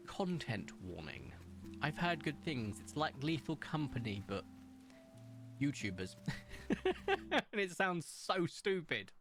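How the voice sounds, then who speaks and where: A man chatting casually to viewers while streaming, excitable and rambling, with sudden jumps up in pitch. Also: takes it slowly, long pauses, over music. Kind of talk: casual live-stream chat.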